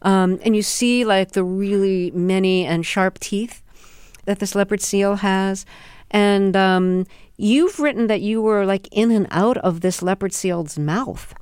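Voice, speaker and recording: A woman interviewer asking measured, probing follow-up questions. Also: medium pitch, a little mellow, smooth, no room sound, clean studio sound.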